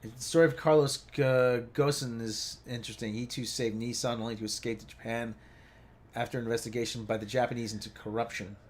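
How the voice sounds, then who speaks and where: A man's voice: mid-range voice, steady tone, fairly quick. A man hosting a casual livestream chat, rambling with many restarts and asides. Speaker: livestream host.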